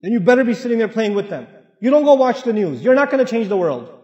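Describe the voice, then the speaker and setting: High-voiced man preaching in an echoey hall. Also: sing-song, quick pace, darkish tone. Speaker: Islamic speaker. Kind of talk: sermon to a mosque audience. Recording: echoey hall, dull lo-fi sound.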